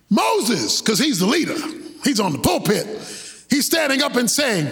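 A man preaching a sermon, impassioned and rhythmic, building into shouted passages. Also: very high-pitched, very animated, normal speed, creaky, husky.

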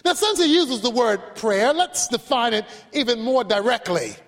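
High-voiced preaching man in a reverberant hall. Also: animated, a bit bright. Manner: emphatic preaching with dramatic pauses and story-telling. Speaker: pastor. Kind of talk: sermon.

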